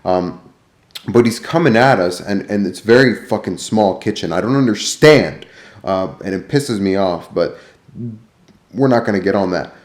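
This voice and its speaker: A man's voice: lowish voice, expressive, moderate pace, roomy sound. A man telling a rambling, profanity-filled story as a vlogger. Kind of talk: ranting vlog storytelling.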